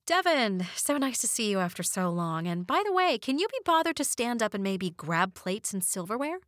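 A woman voicing a young sister who snaps back at her brother in sharp, exasperated retorts. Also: mid-range voice, very animated, normal speed, no echo, clean studio sound. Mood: sarcastic.

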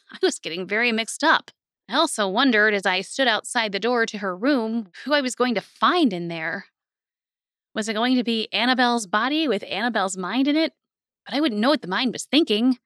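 A woman's voice: a little high, normal speed, no room sound, studio quality. A woman narrating a first-person story aloud, shifting her voice for the characters' lines. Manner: lively, switches voices for characters. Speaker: audiobook narrator.

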